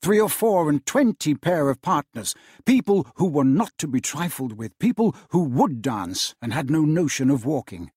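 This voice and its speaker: Husky man reading with lively expression. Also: on the high side, normal speed, hardly any pauses, dry recording, clean studio sound. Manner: animated, theatrical storytelling. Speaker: teacher reading aloud.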